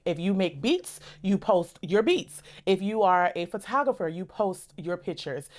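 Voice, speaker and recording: Enthusiastic woman giving a motivational talk. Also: medium pitch. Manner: enthusiastic, emphatic, repetitive lists; casual, conversational asides. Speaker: content creator and host.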